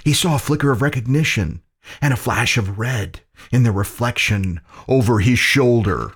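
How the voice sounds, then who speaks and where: A man narrating a pulp audio story in a dramatic, deliberate reading. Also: medium pitch, slightly rough.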